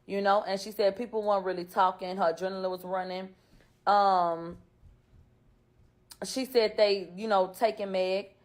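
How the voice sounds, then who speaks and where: A woman recaps court testimony in loose, casual commentary. She is blunt and profane and keeps putting questions to her viewers. Her voice sits at an ordinary, mid-range pitch. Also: fairly even intonation, normal speed.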